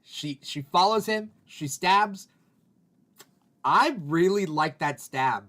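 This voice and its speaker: A man hosting a podcast, talking loosely and swearing casually in a relaxed chat with his cohosts. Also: high voice, takes it slowly. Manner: loose and conversational, heavy on fillers and swearing. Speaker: podcast host.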